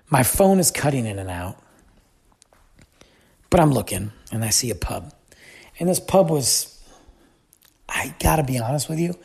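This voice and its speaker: A man hosting a podcast, telling a travel story in a chatty, animated way. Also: medium pitch, vocal fry, husky. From United States. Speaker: podcast host. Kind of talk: casual storytelling.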